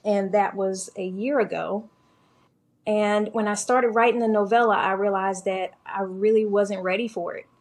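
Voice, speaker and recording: A woman's voice: medium pitch, steady tone, moderate pace, darkish tone. A woman from Georgia, a guest author, talking through her writing life in a casual interview.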